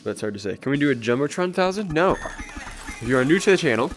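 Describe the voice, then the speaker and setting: A young man chatting casually on a gaming livestream, his voice hoarse, strained and congested, rambling, chuckling often and talking to his chat. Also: medium pitch, lively intonation, racing, a little hiss or hum. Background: game music underneath.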